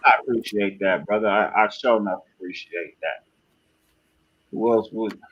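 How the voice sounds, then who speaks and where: A man's voice: fairly low pitch, moderate pace, fairly bright tone, slightly rough, highs cut off. A man hosting a live sports stream in a laid-back, casual way, often saying "you know what I mean.".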